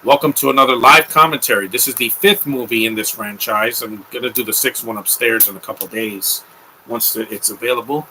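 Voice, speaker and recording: Young male commentary host, bright sharp voice, casual opinionated rambling. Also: mid-range voice, a little fast, a little hiss or hum, poor audio. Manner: offhand, rambling, opinionated asides.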